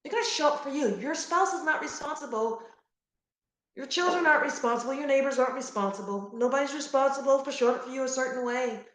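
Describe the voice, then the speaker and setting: A middle-aged woman giving an earnest, animated motivational talk to grieving parents, repeating key phrases for emphasis. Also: high voice, quick pace, echoey room. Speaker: guest speaker on grief support.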